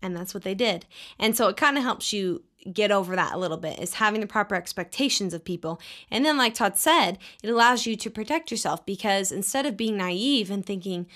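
A woman co-hosting a casual advice talk, explaining calmly. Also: medium pitch, a little fast. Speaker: co-host.

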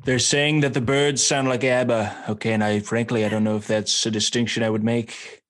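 A man's voice: medium pitch, little pitch movement, fairly quick. A man co-hosting a casual music podcast, riffing and joking. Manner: jokey, riffing. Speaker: podcast co-host. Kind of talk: casual chat.

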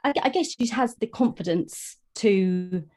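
A woman's voice: mid-range voice, animated, unhurried, a little mellow. A woman co-hosting a podcast, chatting about a novel in a hesitant way that often trails off. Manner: hesitant, trailing off, many fillers. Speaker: podcast co-host. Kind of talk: casual book discussion.

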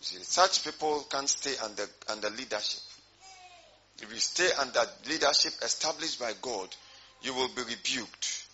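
A man's voice: mid-range voice, expressive, normal speed, sharp tone, lo-fi sound, slight background noise. A man preaching a sermon as pastor, repeating his points and putting questions to the congregation.

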